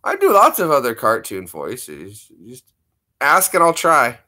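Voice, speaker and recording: A man's voice: medium pitch, wildly swooping pitch, a little slow, sharp tone. A man hosting a casual chat, rambling and chuckling as he talks. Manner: rambling, chuckling, self-interrupting. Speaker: channel host.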